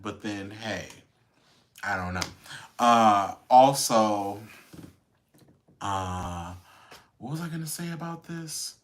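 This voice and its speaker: A man's voice: on the low side, a bit bright. A man hosting a podcast, chatting casually and wryly about celebrity news. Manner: chatty and wry, with lots of fillers and laughs. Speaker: podcast host. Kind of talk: casual gossip commentary.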